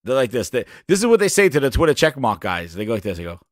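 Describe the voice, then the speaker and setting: A man's voice: mid-range voice, sing-song, quick pace, slight background noise. A man hosting a casual gaming livestream, rambling and profane, sometimes breaking into joking singing. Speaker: podcast host.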